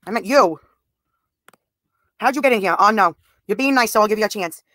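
A woman in her thirties talking to her live chat, blunt and profane, answering comments as they come in. Her voice sits at an ordinary middle pitch for a woman. The sound is close and dry, with no room echo. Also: brisk, fairly bright tone. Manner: blunt and profane, addressing viewers' comments directly. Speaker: livestreamer. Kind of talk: live stream talk to chat.

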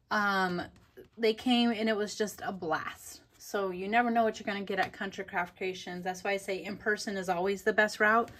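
A woman's voice: medium pitch, a bit bright, a little hiss or hum. A woman vlogger chatting casually and enthusiastically through a craft product haul, giggling often.

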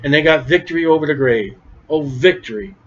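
A man's voice: on the high side, fairly quick. A man preaching a conversational Bible-study sermon, emphatic, often repeating words. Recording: dull lo-fi recording.

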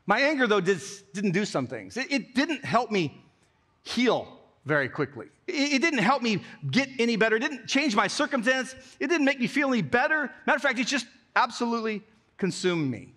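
Middle-aged pastor guy from alaska, high bright voice, acts out the story in his sermon. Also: moderate pace. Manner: animated storyteller, acts out quotes. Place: church.

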